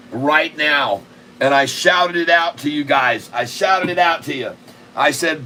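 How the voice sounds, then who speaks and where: A man hosting a live day-trading stream, excitable and repetitive, cracking crude jokes and bursting out loudly. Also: on the high side, a little slow, a little hiss or hum. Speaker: day-trading livestream host.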